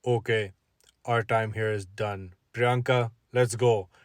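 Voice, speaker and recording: A man's voice: fairly low pitch, fairly even intonation, takes it slowly, no echo, studio quality, pitched below the performer's own voice. Man putting on a stern, curt, disapproving dad. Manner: curt, interrogating. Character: stern disapproving middle-aged father.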